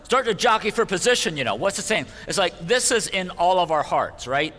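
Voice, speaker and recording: Male pastor giving a conversational sermon in a long-echo church hall; animated delivery, bright voice. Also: high voice, fairly quick. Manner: animated, conversational, asks "right?" often. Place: church sanctuary.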